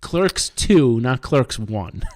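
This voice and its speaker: A man in his thirties chatting casually on a podcast, rambling and laughing as he goes, with the odd swear. His voice sits at an ordinary middle pitch for a man. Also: a little mellow. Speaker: podcast host. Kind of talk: casual chat.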